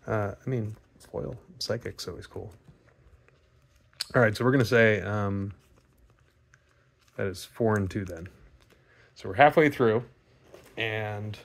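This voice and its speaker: A man's voice: fairly low pitch, gravelly, a little hiss or hum. A man casually commenting as he opens trading card packs, chatty and laid-back with joking asides. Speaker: card-opening video host. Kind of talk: casual pack-opening commentary.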